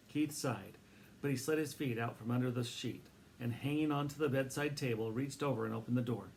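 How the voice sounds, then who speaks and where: A man narrating a children's book aloud in a steady, expressive reading voice. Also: medium pitch, a little fast, vocal fry, slight background noise.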